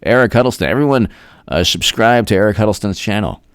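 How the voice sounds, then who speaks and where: A man's voice: fairly low pitch, quick pace, no echo, clean studio sound. A man hosting a casual live stream, rambling as he thanks viewers by name and now and then drawing words out in a sing-song. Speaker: political commentary host. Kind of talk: casual livestream chat.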